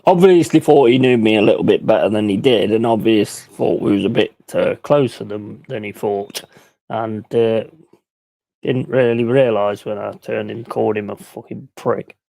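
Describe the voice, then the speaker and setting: A man's voice: on the low side, normal speed, vocal fry, warm tone, no room sound. Blunt, ranting man, dry sound. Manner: blunt, ranting, swears freely; mimics other people in quoted voices. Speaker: livestream host. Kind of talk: casual live-stream chat.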